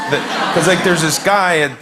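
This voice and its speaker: A man's voice: high-pitched, fairly even intonation, a little slow. A man in his thirties telling a rambling anecdote as a chat show guest, with laughs and restarts. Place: television studio with audience. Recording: audience laughter and noise behind.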